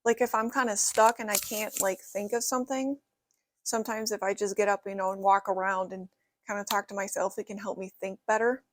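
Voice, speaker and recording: A young woman chats to camera in a relaxed, rambling vlog, filling pauses with "you know" and "like." Her voice sits at an ordinary middle pitch. The sound is close and dry. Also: no room sound. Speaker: vlogger. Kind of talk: casual vlog talk to camera. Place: her bedroom.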